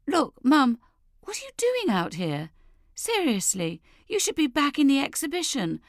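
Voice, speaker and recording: A woman's voice: high voice, huge pitch swings, unhurried, no echo, studio quality, pitched above the performer's own voice, exaggerated voice. A woman reading an audiobook, voicing a flustered middle-aged mother who speaks urgently and firmly. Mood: alarmed. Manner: urgent, commanding.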